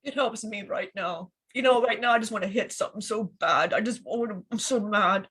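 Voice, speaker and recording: A woman channeling a fallen male archangel, speaking tearfully and haltingly through crying in a spiritual session. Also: medium pitch, fairly bright tone, breathy edge. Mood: angry. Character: grieving fallen male archangel, hurt and furious.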